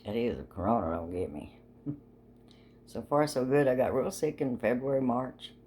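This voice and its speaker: A woman's voice: a bass voice, animated, normal speed, mellow, slight background noise. An older woman telling a rambling personal story in a chatty, folksy way, laughing often. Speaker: vlogger.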